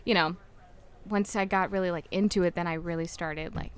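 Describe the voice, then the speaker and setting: A young adult woman, a comedian, chatting casually on a podcast, giggling often and tossing in quick asides. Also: medium pitch, a bit bright, smooth. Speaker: comedian guest.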